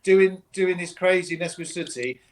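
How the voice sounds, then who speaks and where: A man chatting as a guest about his children, halting and repeating words as he thinks. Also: high-pitched, slight background noise, poor audio. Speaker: guest, special effects maker. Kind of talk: casual chat.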